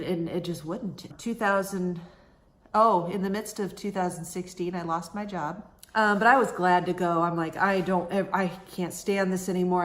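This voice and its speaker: A woman in her thirties recounts a painful stretch of her life to the camera. Her voice sits a little low, and she talks candidly, leaning on "you know" as she goes. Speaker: vlogger sharing a personal story. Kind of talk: emotional personal storytelling.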